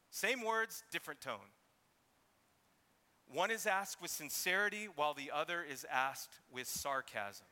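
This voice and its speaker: A man's voice: a little high, animated, normal speed, bright, forceful tone, in a large hall. A man preaching an expository sermon, reading scripture and sometimes acting out mocking voices. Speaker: pastor.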